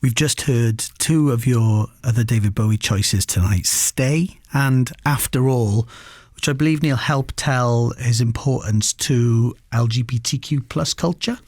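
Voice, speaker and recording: A male radio presenter introducing his guest and asking questions in a measured way. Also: mid-range voice, a little mellow, no echo. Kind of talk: radio interview.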